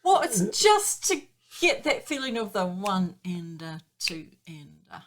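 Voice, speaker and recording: A woman's voice: mid-range voice, sing-song, measured pace. A woman piano teacher patiently explaining time signatures and counting beats aloud in a chatty way. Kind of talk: explaining music theory in a lesson.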